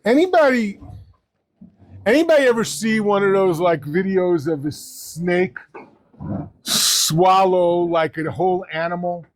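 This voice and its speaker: A man's voice: sits high, a little slow, dry recording. A man, head of a yeshiva, giving a casual Torah class on the weekly portion and quizzing his listeners with questions.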